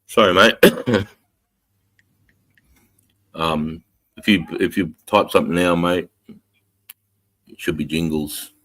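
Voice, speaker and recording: Low-voiced co-host, easygoing slangy banter. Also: male voice, takes it slowly, long pauses, fairly bright tone, dry recording. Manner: easygoing, swearing, says bro and mate. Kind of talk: casual chat.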